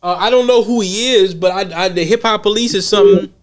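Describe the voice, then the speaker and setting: A man with a high voice co-hosting a podcast. He talks in a casual, profane rush and keeps acting out other people's lines. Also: brisk, a loud crowd. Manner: animated, profane, acts out quotes. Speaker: podcast co-host. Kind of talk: casual chat.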